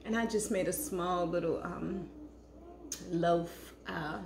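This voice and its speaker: A woman speaks casually and warmly to her followers, sometimes pausing over a mouthful of food. The sound is a home kitchen, echoey, with faint noise behind her voice. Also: lowish voice. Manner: chatty, affectionate, calls viewers hunty. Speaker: cooking vlogger. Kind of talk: casual chat to camera.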